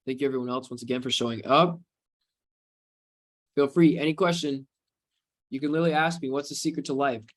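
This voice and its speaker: A man from the United States hosting a live webinar Q&A as a trading coach, talking casually and rambling into spiritual motivational ideas. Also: mid-range voice.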